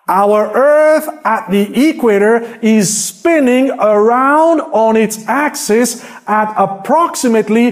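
A man preaching a sermon with slides, firing rhetorical questions at the congregation and swinging between loud exclaiming and hushed low tones. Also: slow pace, hardly any pauses. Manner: emphatic, asks the congregation many rhetorical questions.

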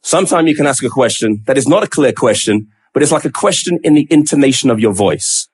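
A man's voice: mid-range voice, lively intonation, fast talker, slightly rough. A man preaching a sermon, emphatic and acting out quoted pleas with rising questions.

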